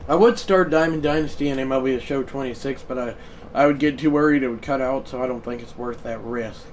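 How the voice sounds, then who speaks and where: A man streaming a baseball video game live, chatting loosely and bursting into shouted play-by-play calls. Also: medium pitch, steady tone, a little fast, distant mic, slight background noise, rough recording. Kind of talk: live gaming stream commentary.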